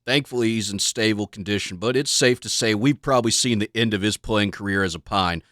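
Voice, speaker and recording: A man's voice: fairly quick, fairly bright tone, dry recording, clean studio sound, natural voice. A man playing Paul Wayne, a melodramatic, mournful co-host of a small-town sports radio show. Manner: melodramatic and mournful, big swings in pitch.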